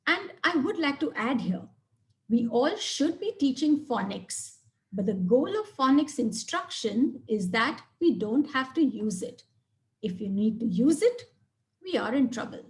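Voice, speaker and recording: Woman teaching a webinar, higher voice. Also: big pitch swings. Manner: clear, measured explanation with stressed example sentences. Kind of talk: webinar lecture.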